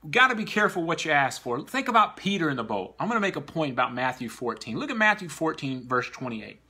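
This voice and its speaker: A man's voice: on the high side, sing-song, fast, pushed and bright, slightly rough. A man preaching a sermon to a congregation, earnestly exhorting the listeners.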